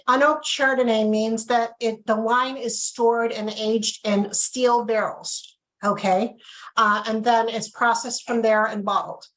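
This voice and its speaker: A woman with a slightly high, fairly bright voice casually leads a live wine and cheese tasting demo over a video call. She's chatty and checks in with "okay?" after each point, and the recording is low quality.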